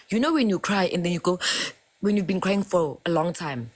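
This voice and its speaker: A woman, talking in a casual, expressive way on a live chat show and mixing local words into English. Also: on the low side, normal speed.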